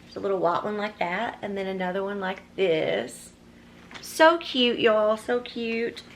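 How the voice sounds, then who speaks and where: A woman's voice: mid-range voice, measured pace, slight background noise. A woman chatting casually on camera while unboxing a gift box, gushing and exclaiming often. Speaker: vlogger.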